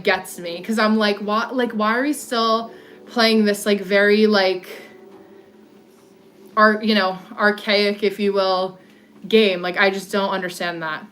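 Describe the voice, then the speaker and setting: A woman in her thirties with an alto voice hosts a casual walk-and-talk livestream from her phone, rambling with plenty of "like" fillers and answering viewer comments. Her voice sits mid-range with a fairly bright tone.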